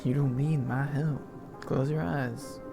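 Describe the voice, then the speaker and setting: A man putting on a calm Southern ghost guide. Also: medium pitch, takes it slowly, vocal fry, over music. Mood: guiding. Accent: American Southern.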